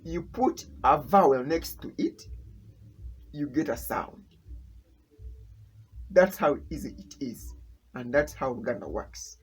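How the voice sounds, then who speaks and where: A man's voice: medium pitch, lively intonation, slow pace, pauses often, slightly rough, low-quality recording. A man teaching a casual spoken lesson, patiently repeating each sound and example. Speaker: language teacher.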